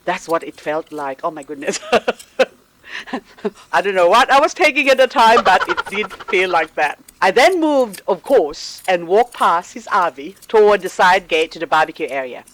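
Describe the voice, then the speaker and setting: An Australian woman vlogging about her garden, telling a personal story in an animated way and chuckling often. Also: on the low side, normal speed, slight background noise, poor audio. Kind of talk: personal storytelling while potting plants.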